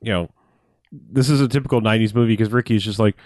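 Low-voiced man recapping a movie. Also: fast, a little mellow, dry recording, studio quality. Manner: rambling, many "like"s and restarts, sardonic. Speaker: podcast co-host. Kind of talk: casual movie recap chat.

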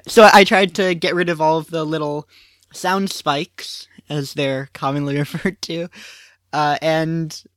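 A man's voice: a little high, fairly bright tone, dry recording, studio quality. A young man co-hosting a podcast, talking casually with hesitant, apologetic restarts. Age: young adult. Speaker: podcast co-host.

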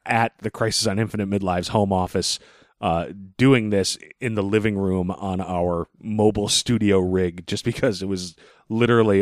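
A man's voice: lowish voice, steady tone, normal speed, no echo, clean studio sound. A man co-hosting a podcast from a living room, chatting casually in a wry, rambling way with the odd swear word. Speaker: podcast co-host. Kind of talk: casual chat. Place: living room, mobile recording rig.

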